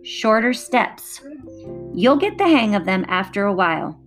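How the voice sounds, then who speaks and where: A woman voicing a blunt older woman living alone, speaking in a flat, matter-of-fact way. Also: mid-range voice, a little slow, soft background music. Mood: dry. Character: blunt, dry-humored older hermit woman.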